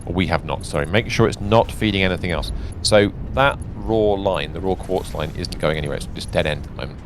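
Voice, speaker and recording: A man's voice: low voice, a little fast, a little hiss or hum. A man hosting a game livestream, chatting casually and thinking aloud while he builds. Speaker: streamer host. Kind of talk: casual gaming chat.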